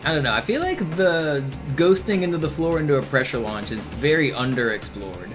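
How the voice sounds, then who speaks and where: A man with a medium-pitched, expressive voice talks fairly quickly while streaming a game speedrun. He chats casually with viewers and thinks aloud about tricks, in the style of live-stream commentary. His voice sits over game audio and music.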